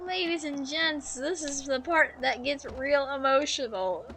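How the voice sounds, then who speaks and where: A woman streaming a video game live, chatting casually in a soft, emotional way with many fillers. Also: sits high, unhurried, few pauses, a little hiss or hum. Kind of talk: casual live gameplay commentary.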